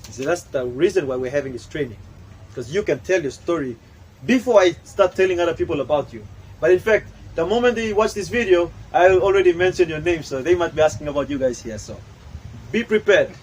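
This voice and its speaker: A man's voice: fairly high pitch, animated, brisk, a little mellow, breathy edge, rough recording. A man from Papua New Guinea running a workshop, talking in an emphatic, preachy way. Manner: preachy, emphatic, switches into local language. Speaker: workshop trainer. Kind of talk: animated workshop talk. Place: training room.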